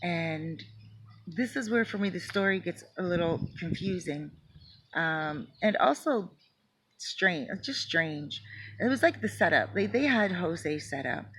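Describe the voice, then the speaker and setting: Woman storyteller, low voice, chatty casual delivery, acts out the quotes, for a true-story retelling. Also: expressive, a little slow, a bit bright, a little hiss or hum, rough recording.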